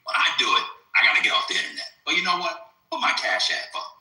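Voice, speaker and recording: Man, lively swooping pitch, bright edgy voice, provocative live-stream talk, roomy echo. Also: quick pace. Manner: animated, provocative, swings loud to soft. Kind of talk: crude casual live-stream debate.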